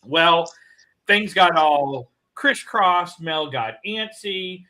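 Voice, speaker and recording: A man's voice: fairly high pitch, animated, drawn-out words, bright, forceful tone, rough recording. A man co-hosting a casual morning show, telling a long rambling story. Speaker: co-host.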